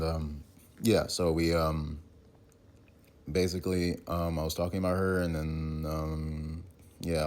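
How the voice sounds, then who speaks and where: A young man recounting chat messages in a rambling, halting way, with many fillers and restarts. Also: rumbling low, darkish tone. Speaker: content creator responding to allegations. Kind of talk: casual recounting while reading messages aloud.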